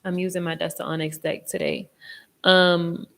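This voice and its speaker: A young woman hosting a casual live tarot reading, chatty and expressive, with a reassuring tone and casual swearing. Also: on the low side, normal speed. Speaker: tarot reader and live stream host.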